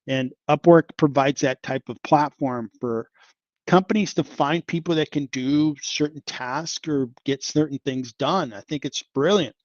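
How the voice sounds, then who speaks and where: A man's voice: fairly high pitch, unhurried, no echo, dull audio. A man hosting a casual investing livestream, chatting about stocks and sighing and exclaiming over a falling market. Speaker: investing channel host.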